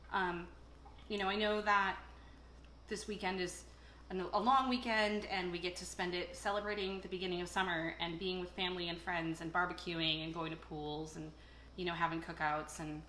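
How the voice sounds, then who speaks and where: A sharp-toned woman of medium pitch hosts a casual cooking video, chatting away and spinning rambling, filler-filled stories while she works. Dishes clatter in her echoey kitchen, with slight background noise.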